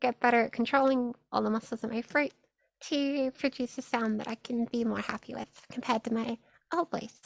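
A woman's voice: a little high, steady tone, moderate pace, vocal fry, rough recording. A young woman, an audio creator, answering interview questions casually, upbeat, with frequent laughs and lots of "like". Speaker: audio content creator, guest.

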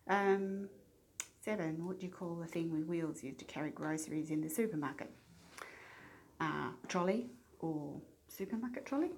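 A woman with a soft Australian accent that has a touch of English in it. She chats her way through accent-tag questions in a self-deprecating way. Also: on the low side, moderate pace, slight background noise. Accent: Australian, slightly English-tinged.

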